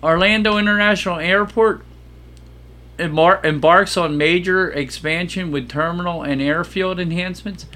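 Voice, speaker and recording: A man's voice: sits high, normal speed. A man co-hosting a podcast in casual chat, telling stories animatedly and acting out the people he quotes. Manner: animated storyteller, acts out quoted exchanges. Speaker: podcast co-host.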